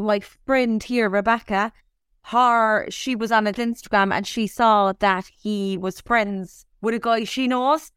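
A young woman with an Irish accent tells a story in a lively, casual way, swearing as she goes. Her voice is smooth and clear and sits a little high. The sound is dry and close. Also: dry recording. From Ireland. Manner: animated storytelling, swears freely. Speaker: podcast co-host. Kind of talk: casual chat.

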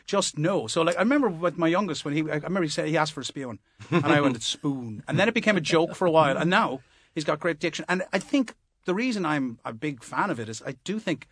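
Guy from limerick, slightly high voice, emphatic storyteller, dry studio. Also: expressive, fast, fairly bright tone, husky, no echo. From Limerick, Ireland. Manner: anecdotal, emphatic. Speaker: panel guest. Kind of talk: radio panel discussion.

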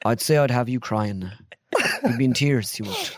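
Irish guy doing a slow soft-spoken comedian impression, middle pitch, dry sound. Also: dry recording, close to an everyday voice. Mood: teasing. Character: musing middle-aged male comedian, dry and teasing.

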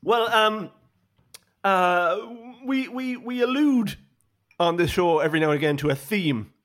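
A man's voice: high voice, expressive, measured pace, a bit bright. A young Irish man co-hosting a podcast, joking and stammering through restarts in casual banter. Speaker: podcast co-host.

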